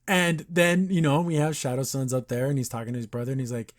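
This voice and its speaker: A man hosting a podcast, casually recapping an animated episode and acting out the characters' lines in quick asides. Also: medium pitch. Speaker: podcast host.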